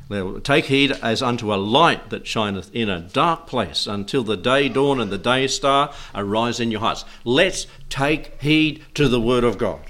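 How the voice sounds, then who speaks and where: Man, preacher, sermon in church, exhorting, scripture reading, medium pitch. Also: a bit bright. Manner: reads scripture in old-fashioned wording, earnest and exhorting.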